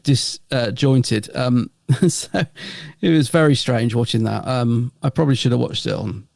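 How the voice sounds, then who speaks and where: Gravelly podcast co-host. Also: male voice, medium pitch, measured pace, darkish tone, no room sound, studio quality. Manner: rambling, chuckles often. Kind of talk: casual review chat.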